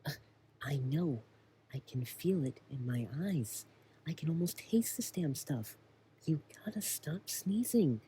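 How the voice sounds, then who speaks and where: A woman playing a young woman hiding with a friend in a closet, hushed and scolding in a whispered role-play. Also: a bass voice, animated, unhurried, slight background noise.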